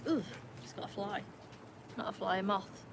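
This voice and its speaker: A young woman hosting a casual live stream by a pool at night. She chats, laughs often and calls to her dogs in a high sing-song voice. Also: normal speed, background noise. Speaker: livestream host. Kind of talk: casual live-stream chat reading comments.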